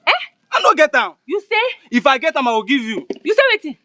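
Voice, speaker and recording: An actor playing a broke young debtor who pleads and shouts in Nigerian Pidgin. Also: male voice, sing-song, fairly quick, full character voice. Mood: pleading. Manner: pleading and shouting in a strained high voice. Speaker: debtor begging a shop owner. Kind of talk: film drama acting.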